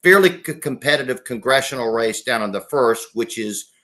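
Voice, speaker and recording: A man's voice: mid-range voice, lively intonation, normal speed, bright, forceful tone. A middle-aged man from South Carolina, a former state legislator, talking politics as a guest in an interview with folksy self-corrections and restarts.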